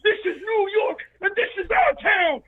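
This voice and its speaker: A man from Florida calling in to a fan show, shouting chants and hyped up, heard over a phone call. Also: extremely high pitch, big pitch swings, moderate pace, very noisy. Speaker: caller. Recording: dull phone-call audio.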